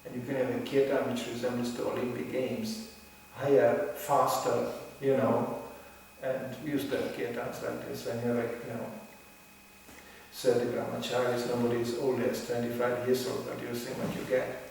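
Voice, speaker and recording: A man telling lively stories in a talk, acting out voices and laughing often. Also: mid-range voice, moderate pace, creaky, a little hiss or hum. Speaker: speaker at a religious gathering. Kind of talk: storytelling talk. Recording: echoey hall, voice from far off.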